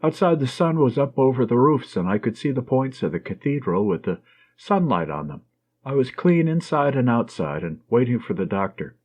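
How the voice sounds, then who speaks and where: Husky male audiobook narrator. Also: medium pitch, big pitch swings, normal speed, a little mellow. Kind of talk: scripted narration. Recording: dull lo-fi recording.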